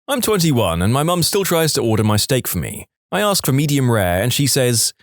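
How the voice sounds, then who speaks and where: A man reading submitted stories aloud in an animated storytelling manner on a close studio mic. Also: mid-range voice, normal speed, no echo. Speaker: story narrator.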